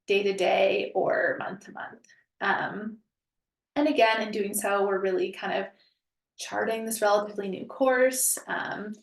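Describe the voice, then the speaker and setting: A woman's voice: medium pitch, reverberant, recorded from a distance. A woman presenting a professional webinar in a conversational way, with frequent ums and hedges.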